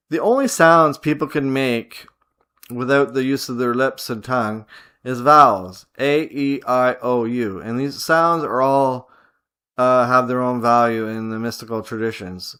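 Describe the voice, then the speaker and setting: A man with a fairly high voice leads a spiritual visualization lesson. He speaks in slow, deliberate commands and repeats short phrases like a chant, in a steady, authoritative tone. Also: clean tone. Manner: slow, repetitive, chant-like incantations; commanding, measured instructions. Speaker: spiritual teacher. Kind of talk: guided visualization teaching.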